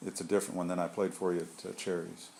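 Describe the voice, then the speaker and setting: A man with a somewhat low voice leads a small group through an informal spiritual talk. He rambles in a loose, conversational way, doubling back and adding asides as he goes. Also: little pitch movement, rapid-fire, creaky, darkish tone, slight background noise. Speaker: group leader.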